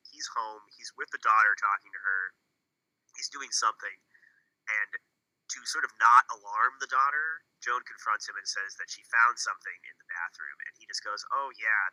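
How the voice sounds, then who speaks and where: Rambling, very bright-voiced film recapper. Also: male voice, lowish voice, no room sound, rough recording. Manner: rambling, many ums and uhs, acts out quotes. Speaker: podcast co-host. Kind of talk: casual chat, recapping a film plot.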